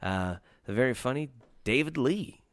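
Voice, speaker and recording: A man's voice: mid-range voice, expressive, moderate pace, no echo. A man hosting a casual podcast, rambling loosely with lots of hesitations. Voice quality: rambling, lots of fillers and restarts. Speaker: podcast host.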